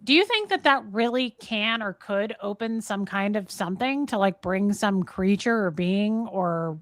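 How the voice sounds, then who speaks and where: A woman's voice: medium pitch, unhurried, no room sound. Chatty woman telling a story on a podcast. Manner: animated storyteller, acts out quoted voices, many fillers. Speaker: podcast co-host. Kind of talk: casual chat, storytelling.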